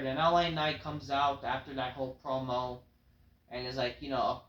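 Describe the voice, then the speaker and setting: A man's voice: medium pitch, little pitch movement, moderate pace, fairly bright tone, roomy sound, lo-fi sound. A man casually recapping a wrestling show in a rambling, offhand way, full of fillers.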